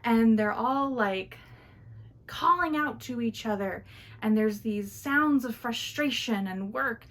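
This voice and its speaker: Woman storyteller, high voice, casual and chatty, sighing. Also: takes it slowly, fairly bright tone. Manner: chatty, with fillers and sighs.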